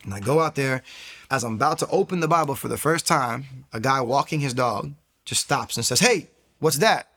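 A man telling his faith testimony in an animated way, acting out the dialogue he quotes and often saying "like" as he restarts his sentences. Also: mid-range voice, slightly rough. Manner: frequent filler "like" and quick restarts. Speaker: guest giving a faith testimony. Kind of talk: personal testimony storytelling.

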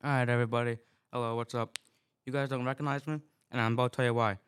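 A man's voice: mid-range voice, little pitch movement, fast talker, a bit bright, clear, resonant tone. A man with a Massachusetts accent, filling in as a weather presenter in a casual, rambling comic monologue full of complaints.

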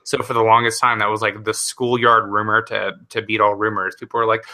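Bright-voiced young man chatting animatedly. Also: a little fast, few pauses. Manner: animated, laughs often, jumps to high pitch when excited. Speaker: podcast co-host. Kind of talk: casual chat.

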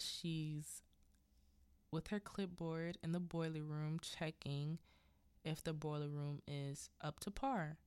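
A woman hosting a podcast, retelling a film in chatty, animated storytelling with asides. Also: deep voice, clean tone, no room sound. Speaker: podcast host. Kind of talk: casual film recap.

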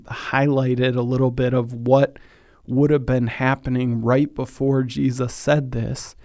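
Slow, flat-voiced man hosting a podcast. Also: medium pitch, no room sound, studio quality. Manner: earnest, thoughtful, slows down on solemn points. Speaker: podcast host. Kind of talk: reflective faith podcast talk.

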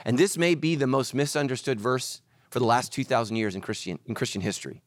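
A man preaching a sermon as pastor, animated, swinging between loud emphatic lines and hushed ones. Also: mid-range voice, quick pace, hardly any pauses, dry recording.

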